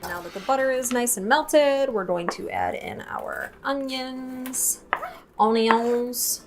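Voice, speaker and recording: A woman's voice: on the high side, very animated, slow pace, over loud music. A young woman hosting a home cooking tutorial in a kitchen, chatty, playful and self-mocking, laughing often at her own slips. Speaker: cooking show host.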